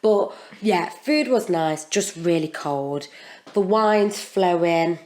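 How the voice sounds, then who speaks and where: A British woman co-hosts a podcast, chatting casually about a reunion she took part in. Her voice sits a little low, and she talks in a gossipy way with frequent laughter. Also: takes it slowly, darkish tone. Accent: British English. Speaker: podcast co-host. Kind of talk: casual chat.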